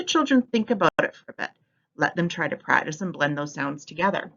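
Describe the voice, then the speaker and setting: Expressive woman teacher, lively voice. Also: low voice, brisk. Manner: clear, expressive teaching delivery. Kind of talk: instructional voice-over. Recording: slightly muffled recording.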